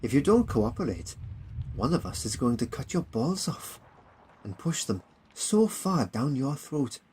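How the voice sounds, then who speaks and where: A man's voice: mid-range voice, very animated, a little slow, darkish tone, a little hiss or hum, voice pushed up. A man voicing a tough, blunt Welsh soldier who speaks in a menacing way.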